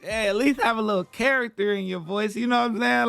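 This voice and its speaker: Male reaction host, high-voiced and unhurried, slangy jokes, dry sound. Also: lively intonation, creaky, fairly bright tone, dry recording, faint music behind. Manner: laid-back, joking, talks in slang. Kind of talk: casual reaction commentary.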